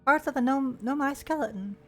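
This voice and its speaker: A woman's voice: high voice, fairly quick, soft background music. A woman streamer giving playful, chatty gameplay commentary and reading in-game text aloud with joking asides.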